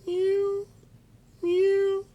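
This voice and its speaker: A man voicing a silly, childlike male monkey puppet who keeps making the wrong animal noises in a high squeaky voice. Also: completely flat delivery, very slow, warm tone, highs cut off, exaggerated voice.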